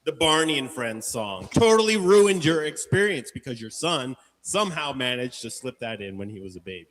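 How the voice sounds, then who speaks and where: A man's voice: medium pitch, very animated, moderate pace, a bit bright, big-room sound. A male radio co-host in playful game-show banter, joking and telling dramatic little stories. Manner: jokey, dramatic storyteller.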